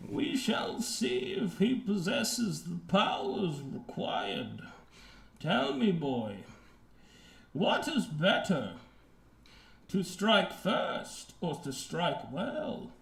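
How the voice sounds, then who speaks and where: A man voicing a sinister master who trains recruits for the darkness, speaking slowly and quietly with a low, gravelly drawl in a tabletop game. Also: wildly swooping pitch, echoey room, exaggerated voice. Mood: menacing. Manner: slow, hushed and menacing.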